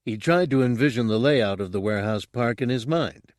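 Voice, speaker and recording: A man reading an audiobook in steady, scripted narration. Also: medium pitch, brisk, no echo, clean studio sound.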